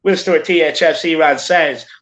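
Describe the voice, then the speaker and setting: A man's voice: on the high side, moderate pace, fairly bright tone, reverberant. A man hosting a casual livestream chat, upbeat and chatty, dropping slang. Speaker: host reading viewer messages.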